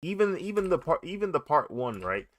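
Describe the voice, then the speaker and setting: Animated young man chatting casually. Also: on the high side, brisk. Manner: animated, laughing often, playful. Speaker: artist vlogger. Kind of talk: casual chat while drawing.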